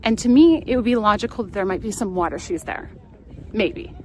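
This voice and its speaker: A woman's voice: mid-range voice, animated, fairly quick, a little mellow, low-quality recording. Californian woman hosting a live travel stream from the car, chatty and rambling, laughs a lot, light road noise. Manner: chatty, rambling storyteller who laughs often. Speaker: travel livestream host. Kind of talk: casual chat while driving.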